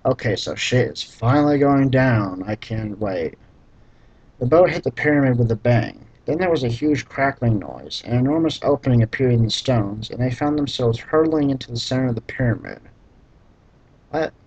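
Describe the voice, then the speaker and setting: Husky, sarcastic man reading aloud. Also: medium pitch, normal speed, muffled recording. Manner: deadpan, sarcastic, profane asides. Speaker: reader mocking a book. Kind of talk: sarcastic dramatic reading with commentary.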